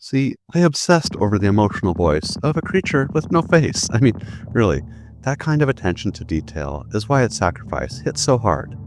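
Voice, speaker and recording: Male narrator, deep voice, animated delivery; scripted video essay with emphatic punchlines, faint music bed. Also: moderate pace. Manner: emphatic, building to punchy statements. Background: faint background music.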